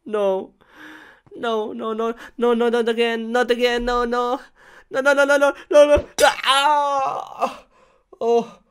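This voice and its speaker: A woman's voice: fairly high pitch, flat delivery, slow pace, clean tone. A woman in a comic game skit who begs in frantic, pleading cries.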